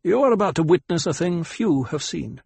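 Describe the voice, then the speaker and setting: A man's voice: a little high, expressive, moderate pace, creaky, darkish tone, husky, no room sound, voice pushed up, full character voice. A man voicing a grave, formal desert ecologist who speaks in a solemn murmur.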